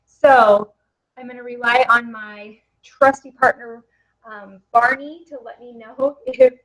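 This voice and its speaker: Chatty, excitable woman on a headset mic. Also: on the high side, takes it slowly, poor audio. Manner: excitable, chatty, many fillers. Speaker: network marketing presenter. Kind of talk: live webinar presentation. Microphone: headset microphone.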